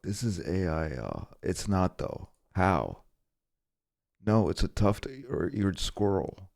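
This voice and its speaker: A man's voice: deep voice, sing-song, slow pace, gravelly, a little mellow, no room sound, clean studio sound. A man streaming live and reacting to clips, swearing freely and laughing in disbelief. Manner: profane, laughing, incredulous reactions. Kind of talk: livestream reaction commentary.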